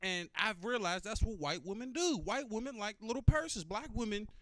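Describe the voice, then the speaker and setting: A man's voice: high voice, lively intonation, normal speed, dry recording. A man doing a stand-up comedy set, talking loosely and profanely and working the crowd.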